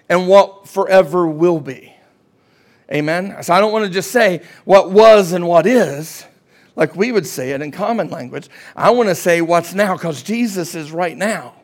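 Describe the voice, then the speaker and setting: A man preaching a sermon as pastor, often asking "Amen?" and rising to a shout at his climaxes. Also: sits high.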